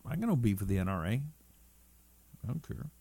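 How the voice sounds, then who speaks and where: A man's voice: lowish voice, very animated, a little fast, gravelly, mellow, breathy edge, no echo. A middle-aged man hosting a casual talk stream, reading viewer comments aloud and riffing on them in a chatty, rambling way. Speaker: talk show host.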